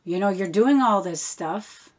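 A woman teaches a casual Bible study at a slow, unhurried pace. She reads verses aloud phrase by phrase and stops to explain them. Her pitch sits in an ordinary middle range.

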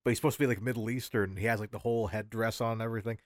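A man's voice: lowish voice, steady tone, rapid-fire, dry recording, clean studio sound. A man co-hosting a podcast in casual chat, rambling and searching for his words. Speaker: podcast co-host.

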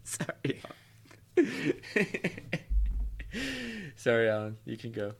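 A man's voice: medium pitch, very animated, very slow, gravelly, a bit bright, slight background noise. A young man co-hosting a podcast, playful and easygoing in casual chat. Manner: laughs often, playful, easygoing. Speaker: podcast co-host.

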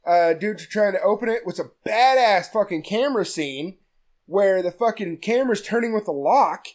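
A man hosting a podcast, recapping a movie in a profane, animated storytelling way. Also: high-pitched, moderate pace. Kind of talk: casual podcast chat.

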